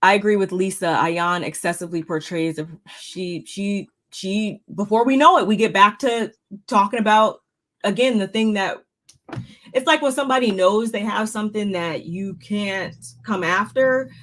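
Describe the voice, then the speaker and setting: A woman talking through a casual review chat in a middle-pitched voice. She rambles in long loose sentences and jumps to loud, excited exclamations now and then. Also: moderate pace. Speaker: podcast co-host reviewing a reality show.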